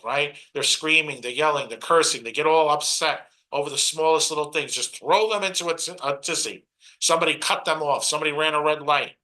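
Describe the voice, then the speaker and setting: Punchy, bright-voiced Brooklyn man preaching. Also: a little high, a little fast, rough recording. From Brooklyn, New York. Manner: preachy, punchy, mocks others in put-on asides. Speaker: motivational speaker. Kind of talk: motivational stage talk.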